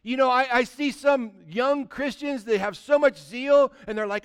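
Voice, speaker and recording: High, smooth-voiced male preacher. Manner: impassioned preaching, swings from loud exhortation to hushed, drawn-out emphasis. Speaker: pastor. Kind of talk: sermon.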